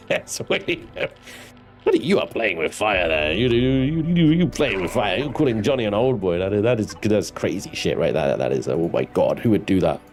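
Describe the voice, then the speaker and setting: A male streamer talks through his game live, joking and swearing with his chat. His voice sits on the low side. Soft music plays quietly underneath. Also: expressive, normal speed. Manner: chatty, swearing, banters with chat. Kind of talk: live gameplay commentary.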